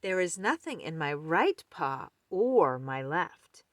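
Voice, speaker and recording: A woman's voice: low-pitched, sing-song, slow, no room sound, exaggerated voice. A woman voicing a showy, theatrical male magician rabbit in a storybook, announcing his tricks.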